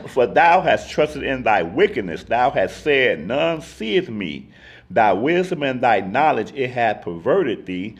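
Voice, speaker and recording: Earnest guy running a bible study, medium voice, keeps restarting for emphasis. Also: medium pitch. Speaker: ministry teacher. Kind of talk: casual Bible study talk and scripture reading.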